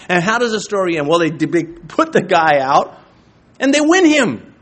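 Lively high-voiced male pastor preaching. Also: normal speed. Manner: animated preaching, acting out quoted voices. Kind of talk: sermon.

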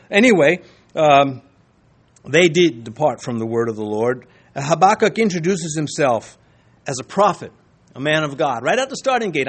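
A middle-aged male pastor preaching a sermon in a conversational way, with chuckles and asides. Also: on the high side.

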